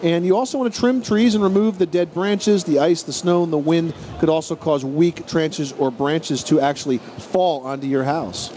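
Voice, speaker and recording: A middle-aged man hosting a radio call-in advice show, explaining home repairs in a brisk, knowledgeable way. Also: on the high side, steady tone, warm tone, a little hiss or hum.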